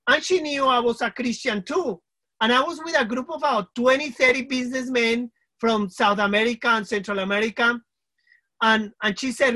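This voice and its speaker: A man's voice: very high voice, sharp tone. A man from Colombia, telling an earnest personal testimony at a question-and-answer session and speaking directly to his listeners. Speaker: guest sharing a personal testimony. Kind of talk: spoken testimony at a Q&A.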